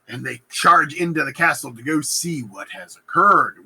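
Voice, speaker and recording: Animated man explaining a play. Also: mid-range voice, normal speed, hardly any pauses, breathy edge, poor audio. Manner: animated, slangy, acts out quotes in funny voices. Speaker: teacher. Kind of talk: casual lesson retelling a play.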